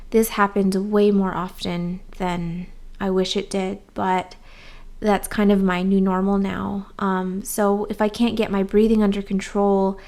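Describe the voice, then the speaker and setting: With vocal fry, a darkish tone and medium pitch, a young adult woman addresses her YouTube viewers. The talk is a casual, frank chat to camera, sprinkled heavily with "um" and "like."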